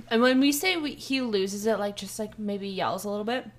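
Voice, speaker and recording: A woman's voice: medium pitch, normal speed. A Canadian woman co-hosting a podcast, adding blunt, profane asides to a shared story. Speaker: podcast co-host. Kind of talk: casual chat.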